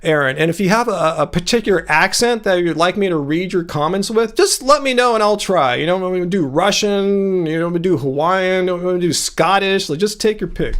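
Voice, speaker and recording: Male livestream host, fairly high voice, confrontational, demanding answers in a casual debate. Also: animated, moderate pace, hardly any pauses, a bit bright. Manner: confrontational, pressing a commenter for answers. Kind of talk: casual live-stream debate.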